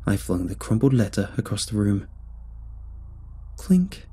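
A man giving steady, measured first-person narration of a scripted horror story. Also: on the low side, slight background noise.

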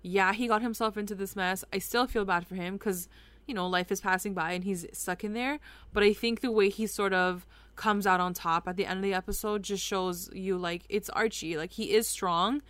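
A woman co-hosting a casual recap chat, relaxed and agreeable as she gives her take. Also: mid-range voice, moderate pace, no room sound. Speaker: podcast co-host.

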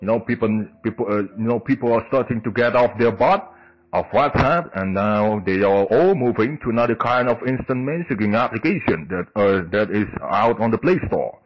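Lower-pitched man, solo podcast host, halting delivery full of fillers and restarts. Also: expressive, muffled recording, soft background music. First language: Indonesian.

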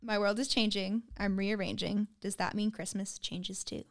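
A woman's voice: mid-range voice, steady tone, normal speed. Teasing young woman running a quiz. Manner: teasing, sings lyric snippets. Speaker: quiz host. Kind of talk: casual game chat.

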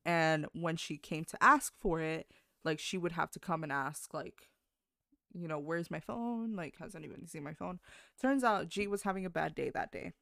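Smooth-voiced rambling storyteller, dry sound. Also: medium pitch, pushed and bright, no room sound. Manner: rambling, many fillers and self-corrections; swears casually. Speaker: podcast co-host. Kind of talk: casual storytelling.

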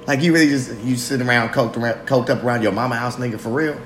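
A man's voice: mid-range voice, fast talker, few pauses, fairly bright tone, a little hiss or hum. A man in his thirties hosting a solo confessional monologue, rambling, swearing a lot and mocking himself with frequent laughs. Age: 30s. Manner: rambling, profane, self-mocking, laughs often. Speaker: podcast host. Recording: roomy echo.

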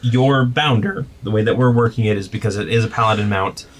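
A man with a fairly low voice runs a tabletop game as game master. He narrates haltingly and pads his scene-setting with fillers. A faint hiss sits under the recording. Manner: halting, filler-heavy narration with soft asides.

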